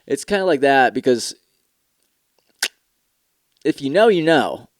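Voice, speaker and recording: A man's voice: medium pitch, sing-song, slow, dry recording, studio quality. Tired, profane young man ranting. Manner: profane, sarcastic, rambling. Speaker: podcast host. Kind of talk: casual solo podcast rant.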